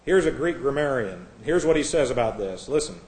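A man preaching a sermon, combative and sarcastic, dropping to hushed asides and rising to loud outbursts. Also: mid-range voice, lively intonation, fairly quick, echoey room.

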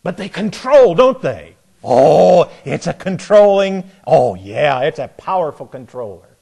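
A man preaching a sermon in a folksy, sarcastic way, acting out imagined voices in quotes and getting louder on his punchlines. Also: on the high side, very animated, a little slow, creaky, husky.

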